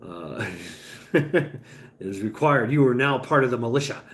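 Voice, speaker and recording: This livestream host is a man with a medium-pitched, fairly bright, expressive voice who speaks at a measured pace and leaves long pauses. He chats casually and rambles to his viewers, reads their chat, restarts stammered lines, and swears here and there.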